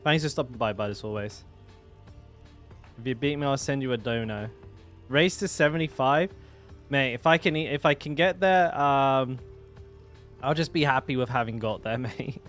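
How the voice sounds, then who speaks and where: A man's voice: medium pitch, moderate pace, pauses often, a bit bright, soft background music. A young man chatting casually while streaming a game. He rambles, restarts his sentences and swears easily, with a faint game soundtrack behind him. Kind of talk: casual live-stream commentary.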